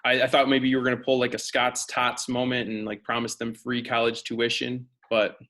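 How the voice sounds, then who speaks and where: Brief: male chaplain host, friendly and joking, flat even delivery. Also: mid-range voice, normal speed. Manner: friendly, jokey. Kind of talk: casual chat.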